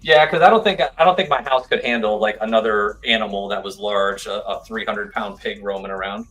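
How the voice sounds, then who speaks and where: A man's voice: fairly low pitch, a little fast, a bit bright. A man chatting as a guest on a live stream, easygoing and rambling, often repeating himself. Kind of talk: casual chat.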